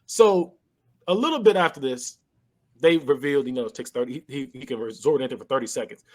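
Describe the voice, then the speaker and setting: Speaking quickly with a medium-pitched voice, this man recaps a movie in a casual podcast chat. He tells the story with animation, performing the characters' lines and laughing along.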